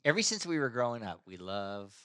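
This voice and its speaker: A man's voice: medium pitch, sing-song, brisk, fairly bright tone, smooth, dry recording, clean studio sound. A man hosting a podcast, telling family stories in casual chat, rambling and laughing often. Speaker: podcast host.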